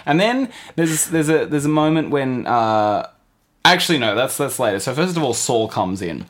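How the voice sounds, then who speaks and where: A man co-hosting a podcast in casual chat, animated and acting out quoted lines. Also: medium pitch, moderate pace. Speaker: podcast co-host.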